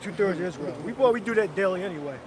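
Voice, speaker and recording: A man's voice: high voice, expressive, very fast, noisy background. A man leading an outdoor street preaching camp, blunt and coarse, calling on others to read scripture. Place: outdoors on a city street with traffic.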